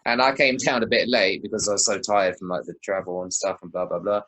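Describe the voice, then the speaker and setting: A man's voice: sits low, steady tone, fast talker, fairly bright tone, poor audio. A young man co-hosting a podcast, telling laid-back stories in casual chat and swearing freely. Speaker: podcast co-host.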